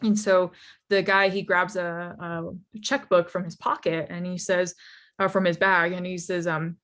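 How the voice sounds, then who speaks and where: A young woman telling her founder story in a lively, casual talk, full of fillers and laughs. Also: lowish voice, measured pace. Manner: animated, laughs often, many fillers like "you know" and "like". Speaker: startup founder speaker.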